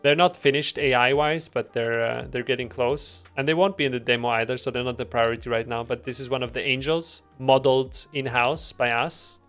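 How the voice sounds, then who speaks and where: A man's voice: medium pitch, brisk, hardly any pauses, fairly bright tone, faint music behind. A man casually talking through his game's development on a stream, rambling with lots of fillers and a self-deprecating tone. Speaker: indie game developer streaming. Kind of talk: casual devlog stream talk.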